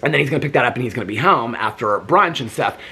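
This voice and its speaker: A man's voice: mid-range voice, animated, very fast, sharp tone, breathy edge. A man vlogging from his bedroom at home, chatting in a rambling way and talking sweetly to his dogs. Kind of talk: casual chat.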